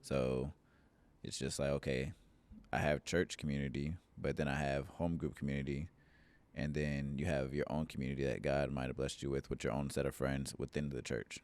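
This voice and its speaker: A young man telling a personal church story in relaxed, earnest podcast chat. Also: a bass voice, normal speed. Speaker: church member, podcast guest.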